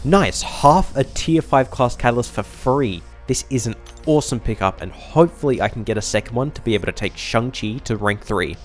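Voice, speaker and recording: A man giving calm, matter-of-fact commentary as he plays a mobile game and opens rewards. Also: medium pitch. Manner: measured, matter-of-fact narration of crystal openings. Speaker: gaming YouTuber. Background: background music.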